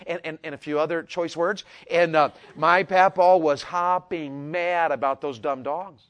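A man telling a folksy personal story, animated and repetitive, rising to loud peaks. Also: a little high, a little slow, hardly any pauses. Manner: animated, repeats words, builds to loud peaks. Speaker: storyteller speaker.

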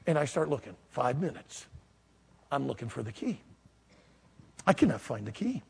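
A man preaching, telling a funny personal story with self-mockery and bursts of shouting and laughter. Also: medium pitch, moderate pace, gravelly, slightly rough. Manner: animated, self-mocking storyteller who shouts and laughs at the climax. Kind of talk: storytelling sermon. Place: hall with a live audience.

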